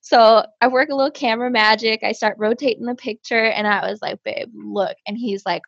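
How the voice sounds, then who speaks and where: A woman's voice: on the high side, steady tone, brisk, vocal fry, a bit bright, no room sound. A woman co-hosting a casual chat, telling a crude story with lots of laughing. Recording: dull lo-fi sound.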